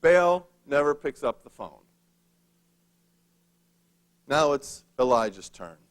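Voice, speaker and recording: A man's voice: mid-range voice, animated, slow. A male preacher retelling a Bible story in a casual, conversational sermon, with a humorous touch.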